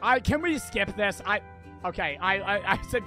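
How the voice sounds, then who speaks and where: A young male streamer riffing over gameplay, crude, joking and quick to curse. His voice is high for a man. Game music sits clearly under his talk. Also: animated, pushed and bright. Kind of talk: live gameplay commentary.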